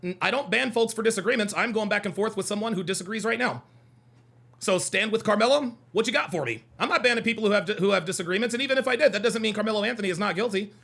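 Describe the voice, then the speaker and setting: A man's voice: high voice, fast talker, vocal fry, a bit bright. A man hosting a heated livestream, reading out chat comments and arguing with them in a combative, mocking way, repeating his points.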